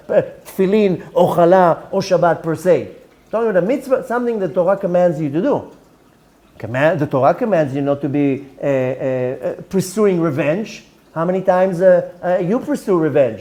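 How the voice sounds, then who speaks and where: A man's voice: high voice, moderate pace, darkish tone. A man, a rabbi giving an earnest religious lecture, often repeating words and mixing in Hebrew terms.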